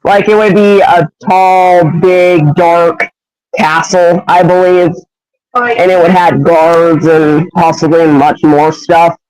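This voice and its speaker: Young adult male, hesitant rambling storyteller, fairly high, dry. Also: flat delivery, takes it slowly, darkish tone, clean tone, dry recording, poor audio. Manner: hesitant, rambling, many fillers. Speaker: fan voice actor. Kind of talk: rambling fan story pitch.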